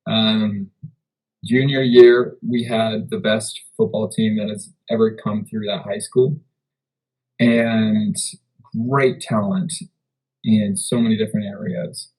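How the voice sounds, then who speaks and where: A man's voice: fairly low pitch, steady tone, slow, a little mellow, low-quality recording. A man being interviewed as a guest, speaking in a laid-back, somewhat hesitant way. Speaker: guest, entrepreneur. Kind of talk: casual interview.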